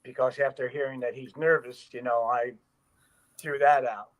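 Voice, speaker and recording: A stuntman telling a story in an interview, animated and loose, acting out quoted voices with frequent fillers. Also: mid-range voice, moderate pace, rough recording. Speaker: stuntman, guest.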